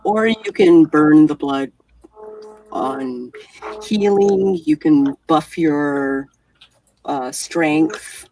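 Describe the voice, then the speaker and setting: A woman acting as storyteller for a tabletop role-playing game, talking in a relaxed, hesitant way with many fillers. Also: low voice, extremely slow, far from the mic, soft background music.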